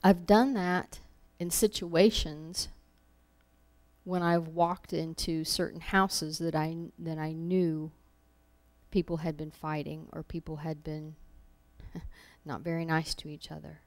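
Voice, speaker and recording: A woman's voice: low voice, little pitch movement, takes it slowly, darkish tone. A woman giving an informal sermon, telling personal stories in a conversational way with laughs, acting out her own thoughts. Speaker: preacher.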